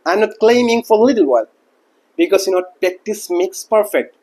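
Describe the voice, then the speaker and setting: A man's voice: sits high, expressive, fairly quick, darkish tone. A man who did not grow up speaking English, talking casually to camera as a teacher and packing his speech with fillers like "like" and "you know what". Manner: rambling, heavy use of like and you know what. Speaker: English teacher and channel host.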